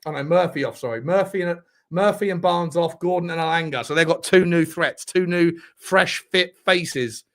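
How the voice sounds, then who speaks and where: Young male fan-channel host, high-pitched, excitable live match caller who shouts and swears. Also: normal speed, hardly any pauses. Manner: talks to viewers directly. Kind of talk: live football watchalong commentary.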